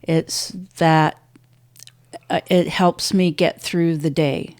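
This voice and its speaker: Older woman guest, halting emotional storytelling, darkish low voice, dry mic. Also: steady tone, dry recording. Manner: halting, restarts often, voice drops low and soft at painful moments. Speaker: podcast guest.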